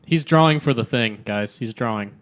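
A man's voice: medium pitch, normal speed, smooth. A man co-hosting a casual gaming podcast, with dry, teasing banter. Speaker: podcast co-host.

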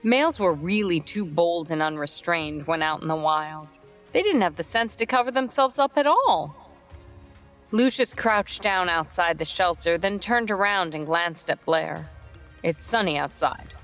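A woman storyteller reading a romance story as scripted narration, in a steady, even way. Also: lowish voice, unhurried, soft background music.

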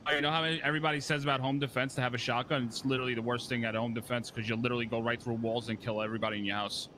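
A man's voice: medium pitch, little pitch movement, very fast, sharp tone, a little hiss or hum. A young man in casual voice chat, laid-back and boastful, swearing freely. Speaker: game player chatting out of character.

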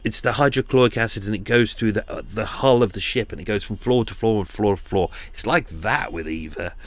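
A man's voice: lowish voice, a little fast, dry recording. A man hosting a podcast, telling a rambling comic monologue full of jokey asides and sighs. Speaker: podcast host.

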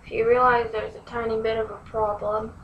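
A woman giving a slow step-by-step craft tutorial, sometimes dropping to a near-whisper. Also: a little high, little pitch movement, lo-fi sound. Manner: slow, instructive, drops to near-whisper at times. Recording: distant mic, faint room noise.

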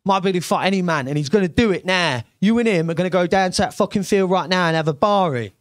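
A young man voicing his blunt, gruff middle-aged father in a stand-up routine. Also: high-pitched, fast talker, no room sound, clean studio sound, close to an everyday voice. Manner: blunt, matter-of-fact.

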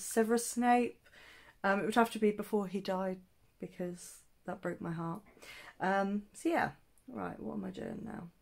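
Slow-talking woman thinking aloud. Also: mid-range voice, vocal fry, a little mellow. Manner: thinking aloud with many ums, self-teasing. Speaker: beauty vlogger. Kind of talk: chatty makeup tutorial vlog.

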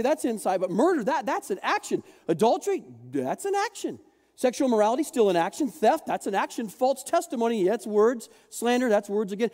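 A male pastor preaching a sermon to a church congregation, lively and joking, acting out the voices of people in the story and getting the crowd to repeat words. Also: very high-pitched. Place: large church hall. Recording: long reverb of a church hall.

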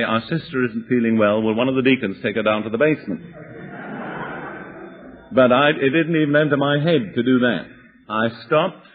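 Husky male preacher telling a story. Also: medium pitch. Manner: vivid storytelling with dry humor. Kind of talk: sermon testimony. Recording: tinny lo-fi tape recording.

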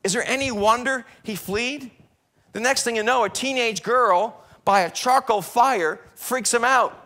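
A middle-aged American man preaching a sermon in a church, animated, swinging between loud bursts and hushed passages. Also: extremely high pitch, a little slow. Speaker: pastor. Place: church sanctuary.

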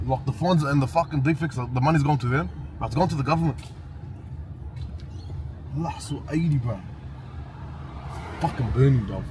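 A young man in casual chat, swearing and laughing as he tells a story, recorded on a phone outdoors. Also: fairly high pitch. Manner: profane, laughing, animated storytelling. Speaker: vlogger. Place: outdoors near traffic. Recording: street and traffic noise.

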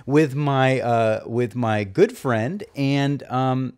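A man hosting a comedy review show, delivering a mock-earnest monologue in a deadpan, rambling way with constant hesitations. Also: medium pitch, drawn-out words, smooth. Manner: rambling, full of fillers and restarts, deadpan.

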